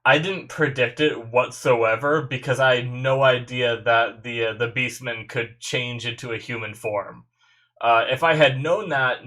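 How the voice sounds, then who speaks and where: A young man with a congested, stuffy nose talks casually at a medium pitch. He rambles through his reactions, restarting sentences and filling gaps with "like" and "you know". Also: fairly bright tone. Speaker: anime reaction host.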